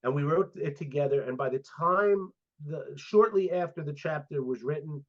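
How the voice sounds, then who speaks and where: A man in his fifties talks through his career as a guest psychologist, acting out quoted conversations as he goes. His voice sits a little high for a man. The audio is muffled and lo-fi. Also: normal speed. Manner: animated storyteller, acts out quoted dialogue. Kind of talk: casual interview storytelling. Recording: dull lo-fi audio.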